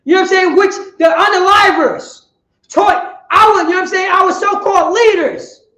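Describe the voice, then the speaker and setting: A woman preaching on the street, firing rhetorical questions and bursting into shouts. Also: extremely high pitch, moderate pace, reverberant, poor audio.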